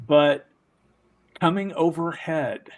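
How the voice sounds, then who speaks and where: Halting man in his fifties reminiscing. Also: fairly high pitch, poor audio. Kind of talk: casual chat.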